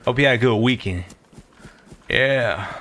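A man streaming a survival game, talking loud and excitable and swearing often. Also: mid-range voice, unhurried, slight background noise. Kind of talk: casual gameplay streaming.

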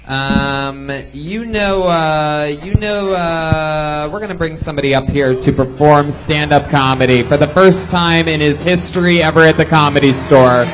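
A man's voice: fairly high pitch, unhurried, few pauses, over music, poor audio. A man hosting a live comedy podcast on a club stage, teasing and hyping up his guests. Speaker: podcast host. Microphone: stage mic, multi-mic podcast audio.

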